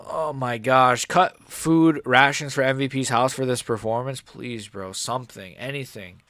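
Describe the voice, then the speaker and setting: A man's voice: medium pitch, steady tone, a little slow, a bit bright, no echo. Young man ranting on a livestream. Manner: frustrated, profane, rambling with many fillers. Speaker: livestreamer watching a fight. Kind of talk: casual live-stream reaction commentary.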